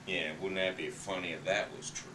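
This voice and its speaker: A man's voice: sits low, little pitch movement, fairly quick, noisy background, pitched below the performer's own voice, close to an everyday voice. Domineering old Southern patriarch, bellowing and profane, played by a man; roomy distant home recording. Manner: bellowing, cursing, commanding. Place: family home.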